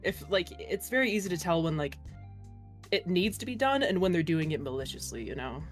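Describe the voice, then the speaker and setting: A woman's voice: fairly low pitch, sing-song, brisk, soft background music. A woman streamer talking as an interview guest in a casual, chatty way, laughing often and filling her talk with "like".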